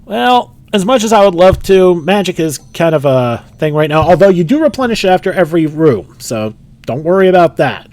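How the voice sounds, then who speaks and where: A man's voice: sits high, big pitch swings, brisk, darkish tone. A middle-aged man hosting a gaming channel, giving upbeat, casual let's-play commentary with laughs.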